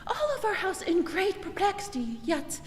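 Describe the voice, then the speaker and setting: A woman playing a comic young male servant who mourns over his dog, in an animated, mock-tragic style of amateur Shakespeare acting. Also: very high voice, moderate pace. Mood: mock-grieving. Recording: long reverberant echo.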